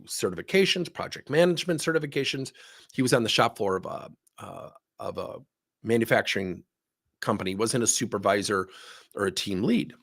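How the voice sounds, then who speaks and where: A leadership speaker with a medium-pitched voice talks a little fast as he tells a story. He's an animated storyteller, acting out both sides of a conversation.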